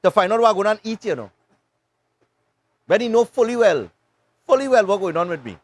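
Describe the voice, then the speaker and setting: Trinidadian guy hosting a morning show, high-ish voice, rambly easygoing island talk. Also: sing-song, brisk. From Trinidad and Tobago. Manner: rambling storytelling in Caribbean dialect. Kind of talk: casual live-show chat. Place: beach club.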